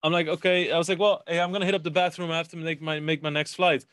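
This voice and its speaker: A man's voice: a little high, flat delivery, quick pace, fairly bright tone, clean tone, dry recording, clean studio sound. A man telling stories as a podcast guest in casual chat, swearing freely and talking animatedly.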